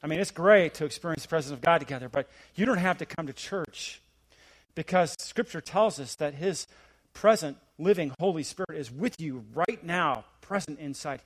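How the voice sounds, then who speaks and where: A middle-aged man preaching a sermon as a visiting pastor, building to emphatic, rising questions and then dropping to a quiet, hushed delivery. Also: animated, normal speed. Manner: swings between rising, emphatic preaching and hushed, low asides.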